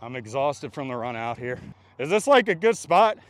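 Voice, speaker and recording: A man's voice: medium pitch, big pitch swings, normal speed. A young man on an outdoor ball field giving self-mocking, joking vlog commentary with plenty of swearing. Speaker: baseball player and vlogger.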